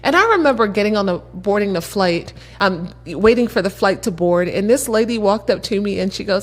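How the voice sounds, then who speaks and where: A woman from Baltimore, a guest entrepreneur, telling a story in an animated way and laughing as she acts out the dialogue. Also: medium pitch, normal speed. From Baltimore, USA. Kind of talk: casual storytelling.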